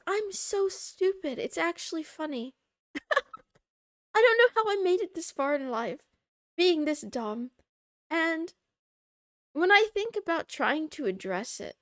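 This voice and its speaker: A high-voiced woman streaming live, her pitch leaping all over the place as she chats. She giggles often and pokes fun at herself while answering chat. The sound is close and dry, with no room around it. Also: no room sound. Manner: giggly, self-mocking, reads chat aloud. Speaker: VTuber streamer.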